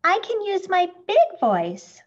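A woman's voice: very high-pitched, wildly swooping pitch, slow, muffled recording, voice pushed up, exaggerated voice. A woman reading a storybook, voicing a small young earthworm girl who speaks up in a firm, raised voice. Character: small timid girl earthworm finding her big voice.

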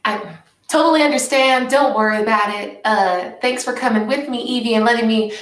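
A woman's voice: on the high side, fairly quick, fairly bright tone. A woman playing a tabletop game, joking and laughing as she talks. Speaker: player. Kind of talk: casual tabletop play. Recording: roomy, from a distance.

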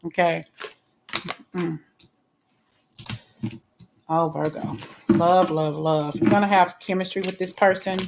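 A woman's voice: fairly low pitch, fairly even intonation, takes it slowly, pauses often, heavy background noise. A woman giving a casual spoken tarot reading in a chatty, reassuring way, with frequent fillers and restarts. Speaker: tarot reader.

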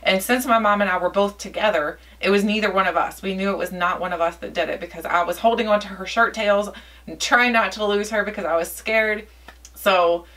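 A woman telling a personal story on her channel, chatty and lively, voicing the people in it as she goes. Her voice is bright and forceful, with a middle pitch. It is picked up from a little way off the mic, as if from a camera across the room. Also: far from the mic, rough recording. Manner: chatty, lively retelling with quoted dialogue. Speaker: vlogger. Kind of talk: casual storytelling.

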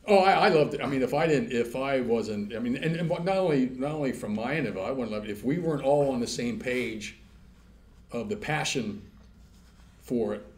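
A man, a rock musician guest, talking in a rambling, animated way with many restarts and casual swearing. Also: medium pitch, moderate pace. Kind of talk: casual interview chat.

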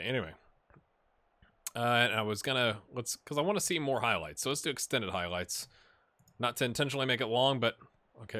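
A man casually talking through a sports management game, thinking aloud and breaking into excited play-by-play. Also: mid-range voice, moderate pace, long pauses, no echo. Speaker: gaming channel host. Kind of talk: casual gameplay commentary.

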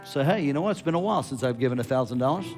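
A man preaching a sermon as a guest preacher, animated and loud at his peaks, with quick asides to the crowd. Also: medium pitch, soft background music.

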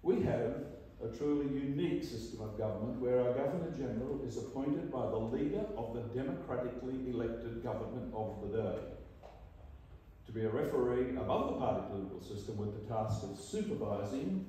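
A man's voice: medium pitch, fairly quick, warm tone, a little hiss or hum. Older Australian man telling a wry story in a hall. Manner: dry wry storytelling, acts out quoted lines. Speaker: guest speaker at an annual meeting. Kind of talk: prepared address with anecdotes. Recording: echoey hall from a distance.

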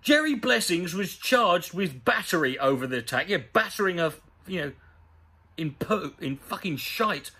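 A man's voice: high-pitched, moderate pace, slightly rough. A man giving a sweary, sarcastic comedic rant about a news story. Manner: sweary, sarcastic, animated ranting. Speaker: comedy commentator.

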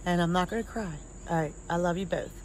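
A woman's voice: on the low side, fast, a little mellow, slight background noise, rough recording. A woman recording a casual, jokey video message of congratulations with a family member. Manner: jokey, cheerful.

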